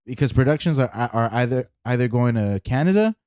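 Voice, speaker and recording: A man co-hosting a podcast with a mellow, dark voice. He rambles through his points, repeating words and leaning on fillers while he works out his thoughts. The recording is dry and close. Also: medium pitch, expressive, brisk, clean tone, no echo. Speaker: podcast co-host. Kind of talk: casual chat.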